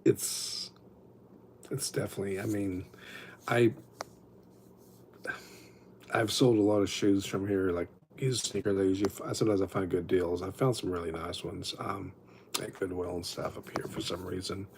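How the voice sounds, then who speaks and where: A man's voice: low-pitched, fairly even intonation, moderate pace, pauses often, darkish tone, a little hiss or hum. A man hosting a livestream, telling rambling stories with lots of restarts in a casual chat. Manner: rambling, self-interrupting storyteller. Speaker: livestream host.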